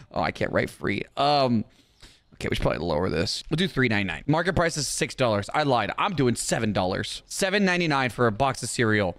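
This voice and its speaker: A young man playing a video game and chatting to viewers, goofy and excitable, swearing and joking as he goes. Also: medium pitch. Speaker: gaming YouTuber. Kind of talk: let's-play commentary.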